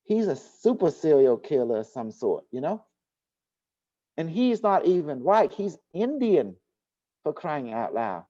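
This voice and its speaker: Dark-voiced man telling a story emphatically. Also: a little high, big pitch swings, measured pace, long pauses, dry recording. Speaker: host. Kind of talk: casual chat. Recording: dull lo-fi recording.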